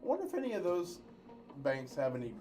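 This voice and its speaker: A man's voice: high voice, wildly swooping pitch, fast, mellow, faint music behind. A man co-hosting a casual livestream, rambling in chat and calling races with playful jokes. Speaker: livestream co-host.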